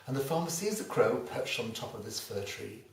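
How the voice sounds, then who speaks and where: A man's voice: medium pitch, sing-song, moderate pace, gravelly. A man, a motivational speaker telling a folksy fable with a moral. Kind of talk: storytelling talk with a moral. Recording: roomy, distant mic, faint ambience.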